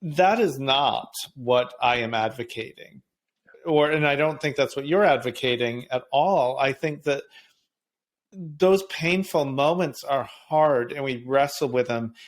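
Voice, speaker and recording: A yoga teacher with a mid-range male voice talks thoughtfully about healing and growth. He speaks in a measured way and laughs softly now and then. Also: medium pitch. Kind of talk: reflective spiritual conversation.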